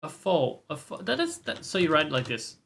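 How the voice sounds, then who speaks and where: A man's voice: a little high, big pitch swings, a little fast, creaky, a bit bright. A man streaming live and reacting to a game trailer, ranting with opinions, swearing and mocking voices.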